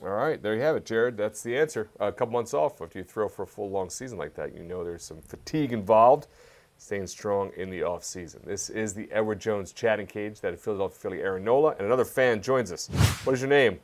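An energetic male host with a slightly low voice runs a fan Q&A, calling in viewers and reading their questions. He keeps the pace lively and friendly. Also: fairly quick. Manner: energetic, hypes fans up. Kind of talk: upbeat live fan Q&A hosting.

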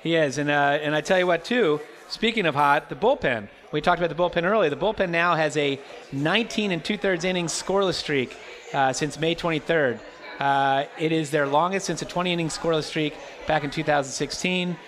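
A man with a slightly high voice hosts a relaxed baseball conversation. He tells long, rambling anecdotes and breaks into laughter often. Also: a little fast. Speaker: host. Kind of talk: casual baseball podcast chat.

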